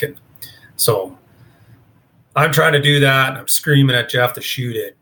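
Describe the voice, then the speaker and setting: Bright-voiced man telling a story. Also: medium pitch, measured pace, pauses often. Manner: casual, rambling, with many fillers. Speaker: interview guest. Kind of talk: storytelling in conversation.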